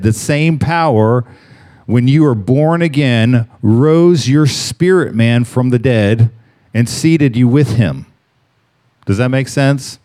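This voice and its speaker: Guy preaching a sermon, mellow dark voice, drags out the big words. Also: medium pitch. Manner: slows and stresses key words, reading scripture aloud. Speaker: pastor.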